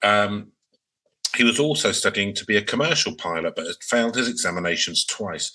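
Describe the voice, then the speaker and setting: A man's voice: fairly low pitch, expressive, normal speed, sharp tone, slightly rough, poor audio. A man co-hosting a podcast, chatting casually and laughing often as he recounts a mystery case. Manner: laughs often while reading out the story. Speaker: podcast co-host.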